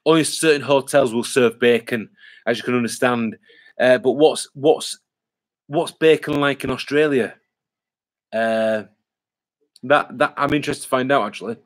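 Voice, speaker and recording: Hosting a casual live stream, this man from England responds to viewer comments as they arrive. He has an ordinary mid-pitched voice and a moderate pace, pausing often, rambling, circling back and restarting sentences with plenty of "uh" and "um."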